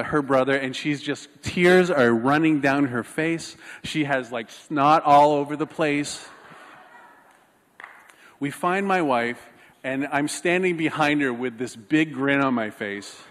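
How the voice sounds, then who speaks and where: A man preaching a sermon, telling a personal story in an animated, self-mocking way. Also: on the high side, unhurried, long reverb tail. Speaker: pastor.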